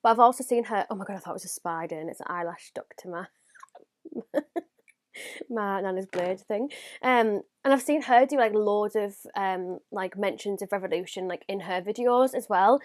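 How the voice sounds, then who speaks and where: A young woman unboxing makeup in a casual vlog, gushing and excitable, now and then dropping to a whisper or gasping. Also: mid-range voice, moderate pace, no room sound, studio quality. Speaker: beauty vlogger.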